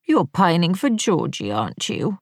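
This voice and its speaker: A woman's voice: fairly low pitch, big pitch swings, moderate pace, no echo, studio quality. A woman voicing a fussy middle-aged wife, cooing at her cat in a grating little-girl voice. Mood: baby-talking.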